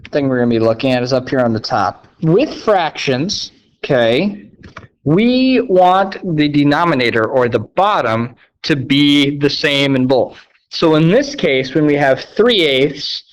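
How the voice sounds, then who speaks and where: A man teaching a recorded math lesson, upbeat and playfully sarcastic, often checking in with "okay?". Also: a little high. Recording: dull lo-fi sound.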